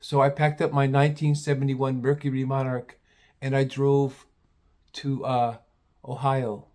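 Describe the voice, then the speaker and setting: A man's voice: mid-range voice, flat delivery, unhurried, darkish tone, natural voice. Man doing a meek, overly polite young man. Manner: meek, hesitant, full of ums.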